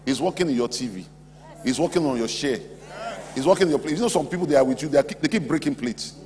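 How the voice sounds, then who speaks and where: A man's voice: mid-range voice, lively intonation, fast, a little mellow. A male pastor preaching to a convention crowd, emphatic and repetitive, laughing between his stories. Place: large auditorium. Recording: long auditorium reverb, faint crowd ambience.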